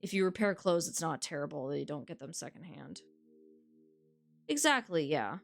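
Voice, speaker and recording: A woman's voice: deep voice, animated, moderate pace, gravelly, soft background music. A woman streaming a dating game, reading its text aloud and chatting casually with viewers, frank and swearing freely.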